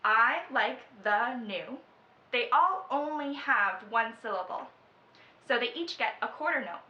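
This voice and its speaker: Bright-voiced woman teaching rhythm. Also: fairly high pitch. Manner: counts in and chants rhythm words. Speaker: music teacher. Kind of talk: children's music lesson. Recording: echoey room, slightly dull sound.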